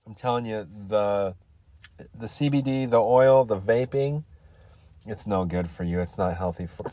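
A man's voice: fairly low pitch, measured pace, warm tone, no room sound. A man hosting a solo podcast, rambling crudely and getting irritated as he goes. He has the hiccups. His voice sits close and dry on the mic, with no room around it. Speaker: podcast host.

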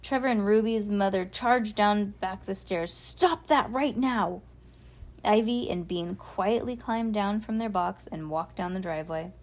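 A woman reading a children's book aloud at bedtime, with soft, relaxed narration and gentle asides to a child. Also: medium pitch, moderate pace, few pauses. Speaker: parent reading a bedtime story.

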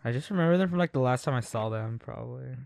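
A man's voice: medium pitch, lively intonation, quick pace, vocal fry, darkish tone, dry recording. A young man chatting casually with friends on a podcast, easygoing and curious. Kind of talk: casual chat among friends.

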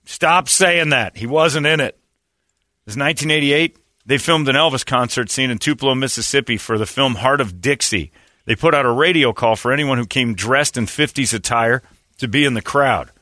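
Male talk-radio host, sarcastic ranter, bright forceful tone, dry close-mic sound. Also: medium pitch, normal speed, no room sound. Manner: sarcastic, mocking, reads quotes in put-on voices. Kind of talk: casual talk radio banter.

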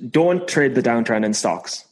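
A man's voice: mid-range voice, animated, measured pace, poor audio. Playful man in mock-dramatic chat. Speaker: podcast co-host. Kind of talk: casual chat.

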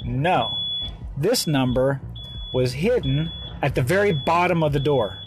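A man's voice: fairly high pitch, lively intonation, background noise. Chatty male trucker telling road stories. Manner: rambling, chatty, halting restarts. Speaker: truck driver. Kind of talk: casual vlog storytelling. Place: truck stop.

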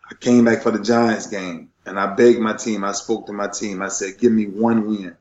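A man's voice: lowish voice, fairly even intonation, normal speed. Middle-aged guy getting emotional telling his story, keeps repeating himself, echoey and kinda muffled. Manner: passionate, repeats himself, swings loud and soft. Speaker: retired football player telling his story.

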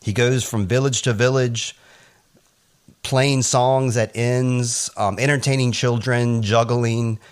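A man co-hosting a podcast, casually recapping a TV episode in a chatty, animated way with asides. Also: mid-range voice, takes it slowly, clear, resonant tone. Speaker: podcast co-host.

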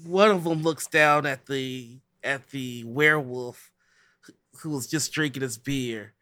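A man narrating a tabletop role-playing game as game master, with a lively way of talking. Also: mid-range voice, slow, dry recording. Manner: lively, breaks into shouted voices for characters.

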